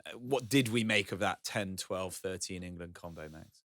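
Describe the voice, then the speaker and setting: A man's voice: deep voice, moderate pace, fairly bright tone, no room sound, studio quality. A man hosting a casual podcast, asking questions and steering the talk. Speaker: podcast host.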